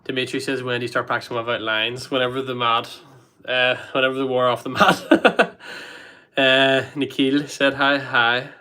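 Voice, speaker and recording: A Northern Irish man hosting a casual livestream, his voice bright and forward even though he sounds a wee bit congested. He chats loosely, reads viewer comments aloud and fills the gaps with uhs and ums. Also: medium pitch, moderate pace, smooth. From Northern Ireland. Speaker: livestream host.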